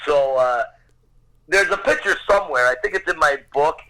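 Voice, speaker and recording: A man's voice: a little high, lively intonation, normal speed, sharp tone, low-quality recording. A man in his fifties, a podcast guest telling a vivid personal story, swearing casually as he goes. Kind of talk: animated anecdote telling.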